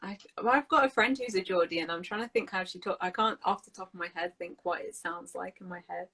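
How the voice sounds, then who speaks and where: Sex: woman. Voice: husky. Style: chatty. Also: on the low side, quick pace, a bit bright, low-quality recording. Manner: chatty and laughing, with many "you know, like" fillers. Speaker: co-host, English teacher. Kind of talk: casual chat about accents.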